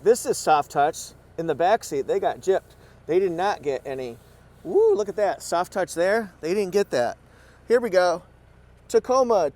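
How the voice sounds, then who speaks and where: Man, high-ish voice, playful and excitable car reviewer talking from inside a truck cab. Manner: excitable, playful, exclaims and repeats phrases. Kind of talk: casual product walkaround. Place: inside a pickup truck cabin.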